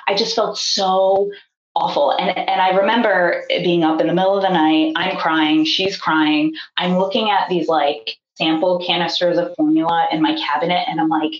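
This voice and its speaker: A woman's voice: fairly low pitch, steady tone, normal speed, slight background noise. A young woman telling her birth story in a chatty, casual way, filling it with likes and acted-out quotes. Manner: chatty, acts out quoted voices, many fillers. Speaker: podcast guest. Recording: echoey, dull remote audio.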